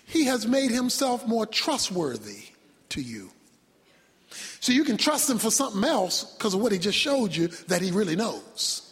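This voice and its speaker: A man preaching a sermon with dramatic delivery, shouting one moment and dropping low the next. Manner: dramatic, shouting, sudden drops to near whisper. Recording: long hall reverb.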